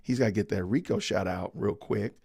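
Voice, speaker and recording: A man's voice: on the low side, fairly quick, gravelly, a little mellow, a little hiss or hum. A man hosting a podcast livestream, chatting casually and reading viewer comments aloud with frequent laughs. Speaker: podcast host.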